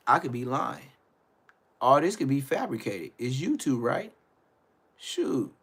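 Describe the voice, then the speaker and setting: A man hosting his own live stream, talking in a casual, blunt and profane rant that rambles, trails off and restarts, swinging between low mutters and loud outbursts. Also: big pitch swings, a little slow, long pauses, breathy edge.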